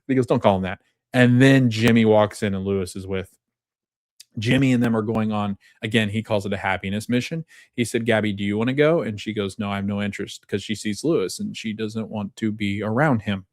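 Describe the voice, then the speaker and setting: A man hosting a podcast, retelling a TV episode in casual chat, animated, with lots of fillers and laughs. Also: fairly low pitch, no echo, clean studio sound. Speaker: podcast host recapping a TV episode.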